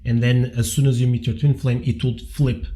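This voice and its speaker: A man co-hosting a casual spiritual talk, speaking haltingly with restarts. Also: mid-range voice, level tone, warm tone. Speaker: co-host.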